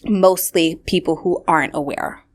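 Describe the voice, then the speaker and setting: A woman's voice: on the low side, moderate pace. A woman in her late twenties hosting a podcast, telling stories in casual chat with lots of fillers and acted-out quotes. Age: 20s. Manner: animated storyteller, heavy "like" filler, acts out quotes. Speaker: podcast host.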